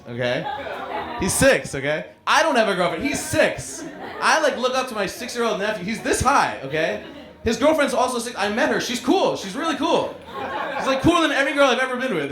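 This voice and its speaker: A man in his forties with a New York accent doing a self-deprecating live stand-up set, chatting with the crowd in a small club. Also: high-pitched. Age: 40s. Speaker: stand-up comedian. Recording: roomy club sound with crowd laughter.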